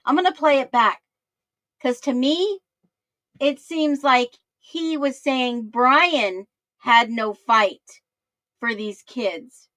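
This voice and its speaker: A woman host gives true crime commentary and speaks straight to her viewers, stressing her points. Her voice is high and her delivery unhurried. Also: a bit bright. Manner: emphatic, addresses viewers directly.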